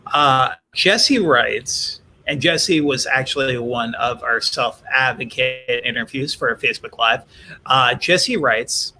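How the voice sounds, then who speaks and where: A man's voice: mid-range voice, slow pace, pushed and bright, a little hiss or hum. A man hosting a live-streamed interview on a video call, reading viewer questions aloud and rephrasing them for his guest. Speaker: host.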